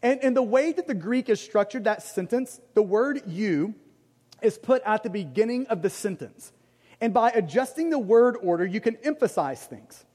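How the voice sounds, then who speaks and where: The preacher's high-pitched voice is animated and a little mellow, moving at normal speed. His conversational sermon mixes self-deprecating jokes with emphatic repetition, and the recording carries long hall reverb.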